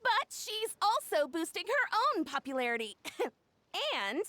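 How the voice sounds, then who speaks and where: A bubbly, shrill young inventor. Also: female voice, sing-song, unhurried, sharp tone, no room sound, exaggerated voice. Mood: proud. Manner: bubbly, breathless, giggly. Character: excitable young woman inventor and event host. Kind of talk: video game cutscene dialogue.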